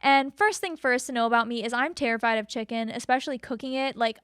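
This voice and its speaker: Young woman co-host, high voice, dry close sound, animated storyteller. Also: quick pace, smooth, no room sound. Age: 20s. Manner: animated, acts out quotes with big pitch jumps. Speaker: podcast co-host. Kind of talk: casual storytelling chat.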